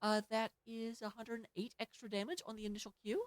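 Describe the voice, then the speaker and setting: A woman with a Southern US accent casting an esports match, rattling off stats and filling pauses. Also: a little high, level tone, no echo. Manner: rapid, filling dead air with stats. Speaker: esports caster. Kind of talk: play-by-play esports commentary.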